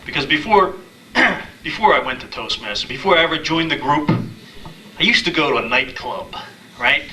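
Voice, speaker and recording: A man in his thirties doing a stand-up comedy set, telling dating stories deadpan and acting out the quotes. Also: on the high side, normal speed, far from the mic, a little hiss or hum, rough recording. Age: 30s. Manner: deadpan storytelling with acted-out quotes. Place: small live comedy venue.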